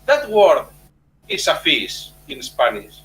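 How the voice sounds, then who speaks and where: Blunt guest guy, lively swingy voice, faint hum behind. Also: fairly high pitch, slow, low-quality recording. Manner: blunt, emphatic, swears. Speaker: returning guest. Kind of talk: casual chat. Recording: faint background noise and hum.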